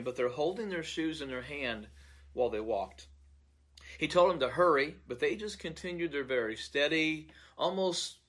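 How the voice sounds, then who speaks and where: A man's voice: on the high side, fairly bright tone. A man, a pastor, earnestly recounting a dream in an unscripted monologue, often repeating words as he searches for them.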